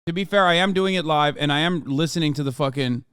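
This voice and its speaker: A man in his thirties rants live to his chat, argumentative and profane. His voice sits fairly high and comes through smooth and resonant. The recording is dry and close, with no room sound. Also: fast talker, fairly bright tone, no echo. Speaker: streamer. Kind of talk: livestream reaction rant.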